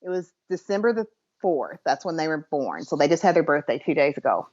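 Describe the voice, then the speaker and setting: Woman, low voice, dull lo-fi recording, chatty storytelling co-host. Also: brisk. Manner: animated, laughing anecdote teller. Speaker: podcast co-host. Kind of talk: casual chat, storytelling. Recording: dull lo-fi sound.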